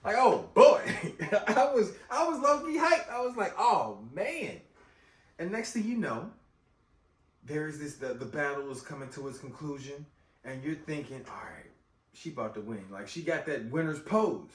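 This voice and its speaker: Animated, slangy man recapping a movie. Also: fairly high pitch, normal speed. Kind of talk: casual movie recap chat. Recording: roomy echo, distant mic.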